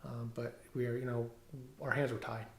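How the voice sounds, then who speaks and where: A middle-aged police officer giving a personal testimony at home, talking haltingly with many fillers and restarts. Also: male voice, medium pitch, little pitch movement, roomy sound. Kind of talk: personal testimony, reading from notes. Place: room at home.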